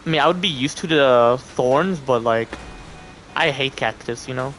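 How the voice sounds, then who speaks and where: A young man live-streaming a game, chatting with his viewers and reacting with loud, profane outbursts. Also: medium pitch, normal speed, slight background noise. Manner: profane, talks to chat, reacts loudly. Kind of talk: casual live-stream gaming commentary.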